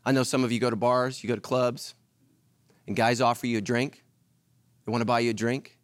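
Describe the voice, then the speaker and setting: A middle-aged male pastor preaching a sermon, telling stories and acting out voices with lively energy. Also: medium pitch, fairly quick, no room sound. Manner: animated storytelling, acts out voices.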